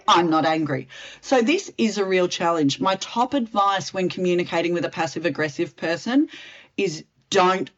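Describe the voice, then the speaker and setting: Woman, communications expert, direct and expressive, mid pitch, dull muffled sound. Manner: direct, expressive, acts out example lines. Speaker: communications specialist. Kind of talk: interview answers, expert advice.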